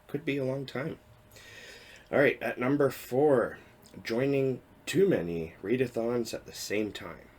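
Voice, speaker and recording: A man's voice: lowish voice, breathy edge. A man in his thirties chatting casually to camera about his reading habits, rambling and correcting himself with small chuckles. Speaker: book vlogger. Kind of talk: casual talking-head vlog.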